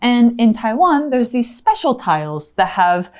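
A woman's voice: on the high side, big pitch swings, a little slow, a little mellow. A woman co-hosting an English lesson, explaining words with casual everyday examples. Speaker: English teacher co-host.

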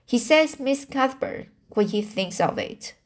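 A stern, plain-spoken older spinster speaking firmly and slowly, read by a woman in near her own voice. Her words come measured and unhurried, with occasional restarts of an amateur audiobook. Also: a little high, wildly swooping pitch, voice pushed up, exaggerated voice.

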